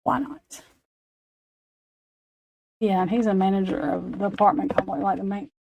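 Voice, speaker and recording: Foul-mouthed woman in her forties, mellow. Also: medium pitch, fairly even intonation, moderate pace, gravelly, no echo, rough recording. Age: 40s. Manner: profane, rambling storytelling with laughs. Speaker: livestream host. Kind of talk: casual late-night chat.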